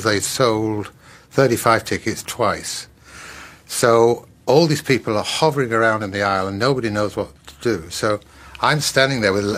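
A man's voice: lowish voice, a bit bright. A man recalling his career as an impressionist in a documentary interview, telling anecdotes. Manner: anecdotal, reminiscing.

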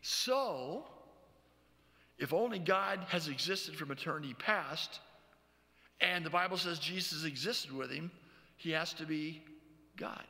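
A man preaching a sermon as pastor, teaching verse by verse, often checking in with "okay?" and reading scripture slowly. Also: on the high side, bright, forceful tone, big-room sound. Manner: reads scripture aloud slowly.

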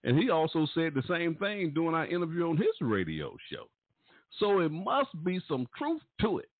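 A man's voice: very animated, normal speed, dry recording. Male gospel radio host, playful announcer, dry and close, thin lo-fi sound. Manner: showy, playful announcer with sudden pitch jumps. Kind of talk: lively gospel radio hosting. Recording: tinny, phone-like, dry sound.

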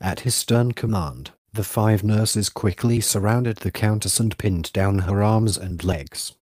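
Deep-voiced male audiobook narrator. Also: a little slow, a little mellow, dry recording, studio quality. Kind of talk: scripted literary narration.

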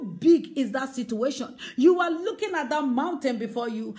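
High-voiced woman preaching emphatically. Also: animated, moderate pace, few pauses, a little mellow. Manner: emphatic, repetitive rhetorical questions. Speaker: evangelist. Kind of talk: sermon.

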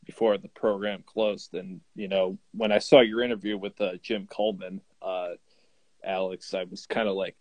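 A man's voice: low-pitched, level tone, moderate pace, a little mellow, no echo, low-quality recording. Hesitant man hosting a video chat. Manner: hesitant, many fillers. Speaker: host of a fan livestream. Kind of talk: casual group video chat. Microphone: video call.

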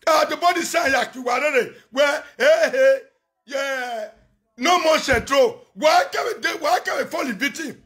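A Nigerian man on a phone live video, ranting and chanting loudly, often shouting and switching between Pidgin and local languages. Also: extremely high pitch, a little slow. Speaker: social media personality on a live video. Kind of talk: animated live-stream rant and chanting.

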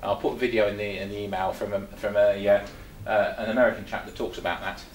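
An older man from England presents a chatty talk to a small group in a meeting room, full of rhetorical questions and restarts. He speaks fast in a lowish voice with fairly even intonation. The low-quality recording sounds roomy, with slight background noise.

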